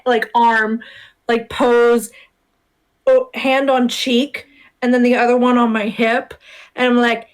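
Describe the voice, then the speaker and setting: A woman playing a tabletop game, flustered and giggly, narrating her character's moves. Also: a little high. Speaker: player.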